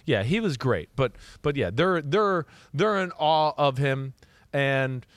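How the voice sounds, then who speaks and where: Speaking slowly in a mid-range voice, with no echo in the recording, a podcast co-host and football analyst chats casually. He's an animated storyteller who quotes players in his own voice and keeps dropping "right?" asides.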